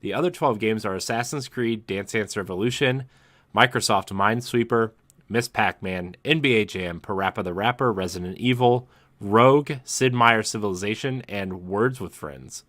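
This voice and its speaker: A man's voice: fairly low pitch, moderate pace, fairly bright tone, no room sound. A man hosting a casual gaming podcast, steering the chat and reading news headlines aloud. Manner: steers the talk, reads news items aloud. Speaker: podcast host.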